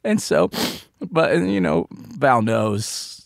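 A man co-hosting a podcast, telling a painful personal story in a halting way, often restarting and dropping his voice low. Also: sing-song, gravelly, no room sound, clean studio sound. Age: adult parent of a small child. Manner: halting, restarts sentences, drops to soft tones. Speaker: podcast co-host.

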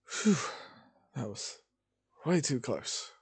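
Guy doing a snarky young scavenger dude, low-key n dry, kinda dark tone. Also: animated, normal speed, breathy edge. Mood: sarcastic relief. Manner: sarcastic, quiet. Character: young male alien scavenger, sarcastic.

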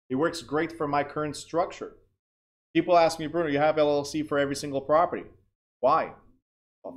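Guy teaching a class, mid-pitched, straight to the point, keeps asking "you got it?". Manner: plain, direct, checks understanding with questions. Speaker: real estate instructor.

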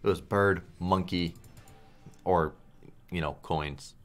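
A man with a very low voice calls out slot spins as he plays, cursing freely and groaning or yelling at the reels. Quiet game music plays underneath him. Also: takes it slowly. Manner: swears a lot, groans and shouts at spins. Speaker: online slots streamer. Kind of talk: live gambling commentary.

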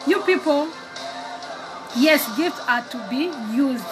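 A woman's voice: high voice, takes it slowly, long pauses, music in the background. A woman preacher giving an exhorting sermon, acting out prayers and conversations with God. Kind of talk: casual sermon video.

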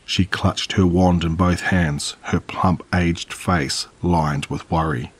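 Deep, husky male horror narrator. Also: fairly even intonation, slow pace, few pauses.

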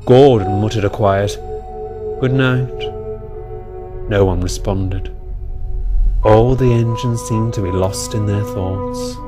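A man's voice: lowish voice, unhurried. Man narrating a spooky storybook. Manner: steady reading. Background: music.

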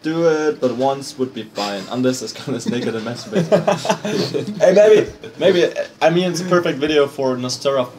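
A man's voice: mid-range voice, moderate pace, noisy background. German-accented young man telling a story. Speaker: co-host. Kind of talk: casual chat.

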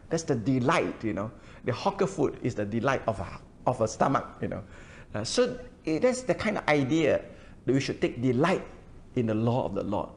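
Older pastor with a gravelly voice. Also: male voice, medium pitch, very animated, moderate pace. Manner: frequent hesitations, repeats words, explains verse by verse. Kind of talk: sermon. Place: church.

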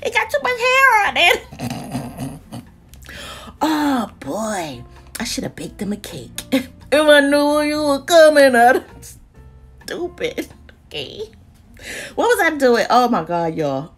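Lady vlogging deals, high lively voice, kinda husky, laughs a lot. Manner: animated, laughing, exclaiming. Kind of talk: casual live chat.

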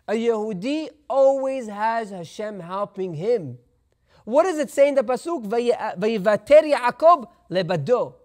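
A rabbi giving a sermon, telling a parable in an animated way and sprinkling in Hebrew terms. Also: male voice, extremely high pitch.

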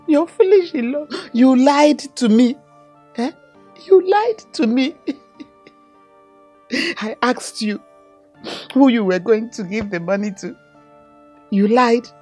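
An actress with a Nigerian accent playing a middle-aged mother who scolds her daughter. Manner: scolding, lively pitch. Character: worried mother, scolding and tearful. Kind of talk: film drama acting.

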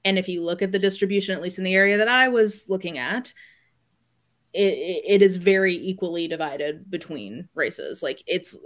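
Woman on a book club call, kinda low voice, wry, acts out her own comebacks. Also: normal speed. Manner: wry, mock-quotes people in exasperated asides. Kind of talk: casual video call book discussion.

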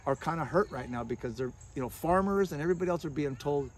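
A man's voice: fairly high pitch, quick pace. A man, a survival skills expert, talking as a guest in an outdoor conversation and acting out scolding voices. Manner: animated storyteller who acts out scolding voices. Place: outdoors among bushes. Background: crickets and insects.

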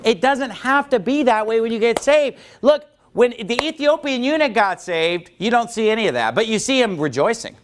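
A man preaching a sermon as pastor, animated, acting out quoted voices and often restarting. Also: extremely high pitch, normal speed, few pauses, slight background noise. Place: church.

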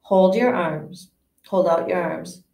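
A woman's voice: lowish voice, creaky, highs cut off. A woman voicing a musing old wandmaker. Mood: brisk. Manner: musing, measured, with hesitant restarts. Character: old male wandmaker, eerie and intense. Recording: echoey room, distant mic.

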